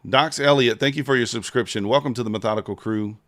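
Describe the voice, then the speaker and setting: A man's voice: medium pitch, fast, a bit bright, no echo, studio quality. A man hosting a casual trading livestream, chatting with viewers and counting down a giveaway.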